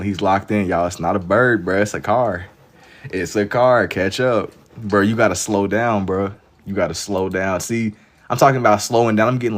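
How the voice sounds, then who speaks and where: A young man with a notably deep voice hosts a live drawing stream from home. He talks casually, reading viewer guesses and teasing them in loose slang. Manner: playful, teasing, reads chat aloud with slang. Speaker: livestream host. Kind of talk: casual livestream chat.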